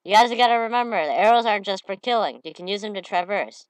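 A slightly sniffly woman giving excitable gameplay commentary, breaking into shouted trash talk. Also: mid-range voice, fast talker, clean tone, no echo. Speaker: gamer.

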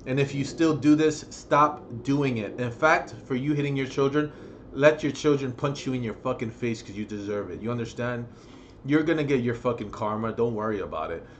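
Muffled, with a slight hiss or hum, the recording captures a vlogger ranting angrily and profanely in a monologue. He has a mid-range voice at a moderate pace, and he bursts out loudly at times.

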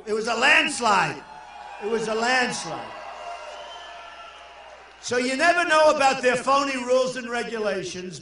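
Older man shouting a rally speech in an echoey hall. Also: extremely high pitch, recorded from a distance. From New York. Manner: boastful, rambling, shouts lines to the crowd. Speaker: political candidate at a rally. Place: large indoor arena.

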